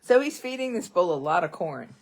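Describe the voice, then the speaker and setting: A woman co-host telling a story in casual chat, animated and laughing often. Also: fairly low pitch, brisk. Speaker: co-founder and co-host.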